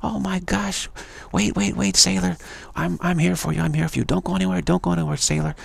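A man mimicking fawning, flattering young women in a high, sing-song put-on voice as part of a monologue. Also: a little fast, creaky, slightly rough, no room sound, full character voice. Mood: cooing. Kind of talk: mocking impression in a monologue.

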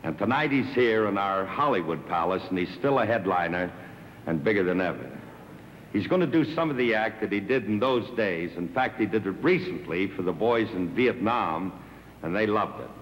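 Low-voiced host guy bringing someone on stage, long hall echo, dull old tv audio. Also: expressive, moderate pace, slight background noise. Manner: friendly, building up to a name. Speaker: show host. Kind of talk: stage introduction. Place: large theater stage. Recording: dull 1960s TV sound, long hall reverb.

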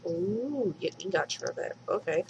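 A woman's voice: lowish voice, big pitch swings, measured pace, creaky, darkish tone, dull audio, slight background noise. A woman casually commenting on her own game as she plays, chatting to the animals she meets and squealing when startled. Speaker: let's play host and mod maker.

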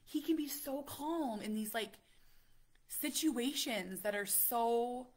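Husky-voiced woman chatting animatedly. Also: on the high side, a little slow. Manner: animated, chatty, many fillers, acts out quotes. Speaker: parent vlogger. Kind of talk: casual storytelling to camera.

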